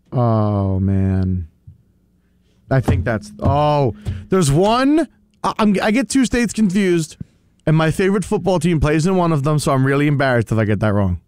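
A man's voice: fairly high pitch, a little mellow, clean tone, no room sound. A man playing along in a casual quiz, thinking aloud and poking fun at himself. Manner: self-mocking, thinks aloud. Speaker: quiz player. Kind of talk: casual chat.

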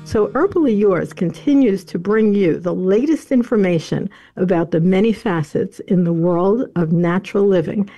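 A woman hosts the show and introduces her guest in a measured, formal manner. Her voice is mellow and dark, pitched in the middle for a woman. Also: faint music behind. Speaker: radio show host. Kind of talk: scripted guest introduction, then interviewing.

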